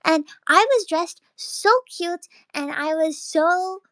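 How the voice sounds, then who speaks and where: A high-pitched woman streamer rambles through a casual late-night chat. She is excitable and breaks into laughter often. The sound is dry and close. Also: slow, no room sound.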